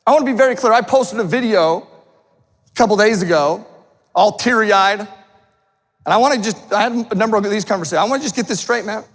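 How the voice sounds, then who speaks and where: A man's voice: sits high, brisk, long reverb tail. A man giving a fired-up motivational speech to a live audience, intense, swearing and calling people "man" again and again. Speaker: motivational speaker.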